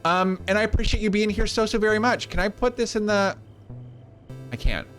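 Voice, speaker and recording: A man's voice: sits high, a little fast, a bit bright, soft background music. A man live-streaming a game, chatting casually and rambling as he thanks viewers. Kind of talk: casual live-stream chat while playing.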